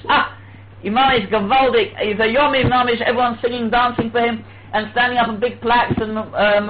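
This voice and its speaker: A man teaching a religious lesson, telling stories lively and acting out quoted dialogue. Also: extremely high pitch. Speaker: Torah teacher. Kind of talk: religious lecture. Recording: tinny phone-like with faint hum.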